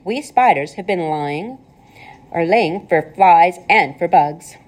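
A woman voicing a pleasant, clever female spider with a thin voice, calm and matter-of-fact in a storybook read-aloud. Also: lowish voice, slow. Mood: calmly explaining.

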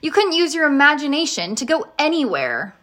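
Skeptical kid, loud, scoffy, high voice, lady doing him. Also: sing-song, fairly quick. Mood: scoffing. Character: skeptical, outspoken young boy.

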